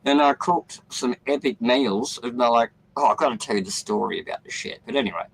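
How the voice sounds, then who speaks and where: A man's voice: mid-range voice, brisk, vocal fry, slightly rough, poor audio. A man with an Australian accent calling in as a guest, rambling and joking with some swearing. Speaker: guest caller. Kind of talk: casual chat.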